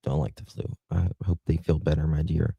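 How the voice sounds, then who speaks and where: Low gravelly man hosting a livestream. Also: steady tone, a little fast, mellow, no echo, highs cut off. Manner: affectionate, thanks viewers with endearments. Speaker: livestream host. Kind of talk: casual livestream chat, reading viewer comments.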